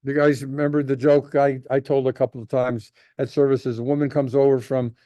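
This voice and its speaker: A man's voice: medium pitch, little pitch movement, a little fast, dark tone, no echo. A man, a rabbi, teaching a casual class, telling jokes and rambling with lots of restarts.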